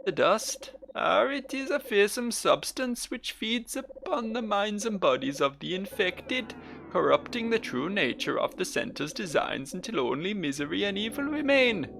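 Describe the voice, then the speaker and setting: A man voicing a pompous male deacon figure in a game, with a slow, grandiose mock Caribbean lilt. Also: very high-pitched, very animated, noisy background, pitched above the performer's own voice, exaggerated voice. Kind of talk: game character voice.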